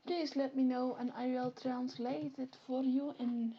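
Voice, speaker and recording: A woman's voice: high-pitched, level tone, a little slow, a little hiss or hum. A young woman with a Flemish accent, chatting casually and animatedly on a live stream, often correcting herself mid-sentence. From Flanders, Belgium. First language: Dutch (Flemish). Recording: lo-fi stream audio.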